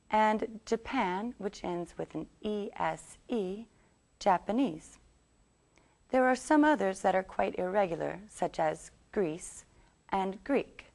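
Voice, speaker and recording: A woman teaching English, reading a scripted lesson and saying model sentences slowly for learners to repeat. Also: fairly low pitch, vocal fry. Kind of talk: scripted language lesson narration.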